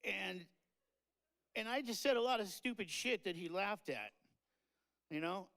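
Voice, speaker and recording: A man's voice: high voice, animated, unhurried, vocal fry, a bit bright, rough recording. A man giving a rambling, tearful and joking tribute speech at a memorial event. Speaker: eulogy speaker. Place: live-streamed memorial event.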